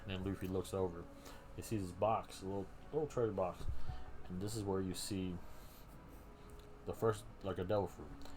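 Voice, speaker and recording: A man's voice: deep voice, steady tone, normal speed. A man hosting a casual live stream, rambling through a story recap with many fillers and restarts. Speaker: streamer host. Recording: background noise.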